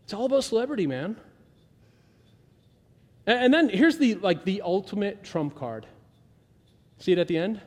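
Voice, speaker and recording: Male pastor, conversational sermon delivery, higher-pitched voice, long reverb from a big sanctuary. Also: brisk. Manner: conversational, animated, acts out quoted voices.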